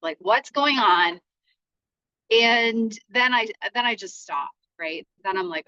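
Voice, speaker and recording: A woman in her forties hosting a podcast from her parked car, talking in a rambling, halting way with many restarts. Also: mid-range voice, sharp tone, no echo, dull audio. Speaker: podcast host. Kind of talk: casual solo podcast monologue.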